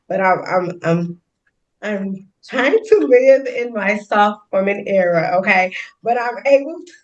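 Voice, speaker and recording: A woman guest talking openly about her relationship in an interview, expressive, with frequent laughs and emphatic rises. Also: lowish voice. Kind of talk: candid conversational interview. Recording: distant muffled mic.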